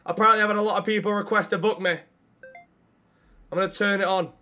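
A man with a high, forceful, bright voice, streaming a police role-play. He talks loudly and cheekily, swears often, and keeps up banter with his chat. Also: fairly even intonation, brisk. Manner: loud, cheeky, swears a lot. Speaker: streamer playing a police officer.

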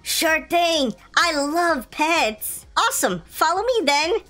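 A woman's voice: sits high, sing-song, takes it slowly, bright, forceful tone, voice pushed up, full character voice. A woman voicing a kindly elderly grandma in a game, cooing and sweet.

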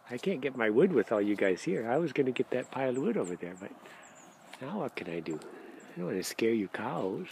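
A man outdoors talking to animals in soft, doting baby talk, recorded on a handheld camera. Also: mid-range voice, big pitch swings, a little fast, creaky, a little hiss or hum. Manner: soft, doting, sing-song coos. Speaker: vlogger talking to cows. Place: outdoors in a field.

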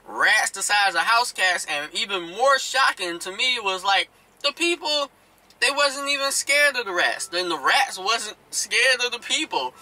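A man telling a road story as a truck driver, in a casual, profane, animated and incredulous way. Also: high-pitched, low-quality recording.

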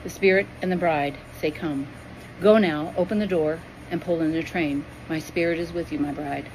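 A woman's voice: low voice, steady tone, moderate pace, a little mellow, a little hiss or hum, close to an everyday voice, rough recording. Woman voicing a grieving, tender God the Father. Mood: urgent, solemn. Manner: tender, solemn pleading.

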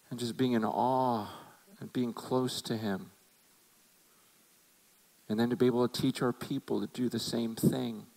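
A man's voice: mid-range voice, a little mellow, rough recording. A man preaching a sermon as a pastor, talking earnestly and conversationally and often repeating words as he restarts.

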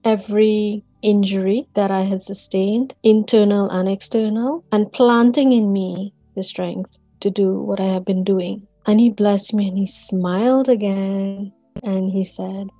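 A woman in her forties tells her story with an earnest, unhurried delivery and a warm, mellow tone. Her phrasing is deliberate, sometimes circling back on a word. The sound is close and dry, with soft music far behind. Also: mid-range voice, fairly even intonation, dry recording. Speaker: author and counselor sharing a near-death experience. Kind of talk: personal testimony.

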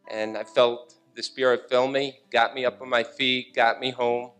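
A middle-aged man tells his testimony in a smooth, clear voice that stays level and even. He speaks earnestly and steadily, with faint guitar music under him in the church. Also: mid-range voice, moderate pace, few pauses. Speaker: church guest giving testimony. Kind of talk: personal testimony. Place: church stage.

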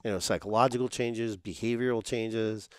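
A man's voice: fairly low pitch, fairly even intonation, normal speed, no echo, clean studio sound. A middle-aged man, a chiropractor, talking conversationally as a guest, with plenty of "you know" fillers. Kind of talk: casual interview chat.

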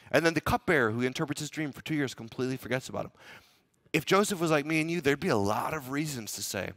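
A man's voice: mid-range voice, expressive, a little fast, fairly bright tone. A man preaching a sermon as pastor, dramatically acting out the inner thoughts of a biblical figure and asking the congregation to repeat lines back. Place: church.

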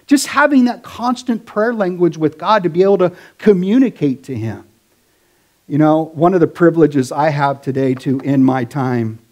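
A man's voice: fairly high pitch, warm tone. A middle-aged man, a pastor, preaching a sermon in a casual, conversational way with slang.

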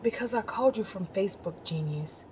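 A woman's voice: mid-range voice, expressive, fairly quick, darkish tone, faint music behind, natural voice. An actress playing a remorseful young woman earnestly pleading and explaining on a phone call. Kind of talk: indie web drama acting.

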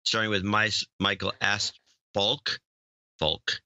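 A man co-hosting a podcast, reading donor names and their notes in a plain, matter-of-fact way. His voice sits low but has a bright edge. It is recorded dry and close to the mic. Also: little pitch movement, slow pace, no room sound. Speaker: podcast co-host. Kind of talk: casual chat, reading donor credits.

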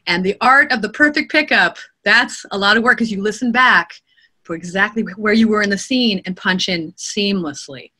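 A woman audiobook narrator and voice actor being interviewed, talking in an animated way, laughing often and acting out quotes. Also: mid-range voice, normal speed. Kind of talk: interview conversation. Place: home studio.

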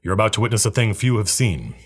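A man reading aloud voices a guarded desert ecologist who speaks in a quiet, measured, murmuring way, in his own husky voice. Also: fairly low pitch, sing-song.

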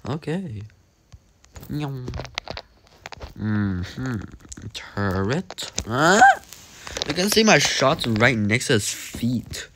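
Animated young man commenting on gameplay. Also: medium pitch, slow pace, noisy background. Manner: animated, jokey, talks to himself while playing. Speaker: gaming commentator.

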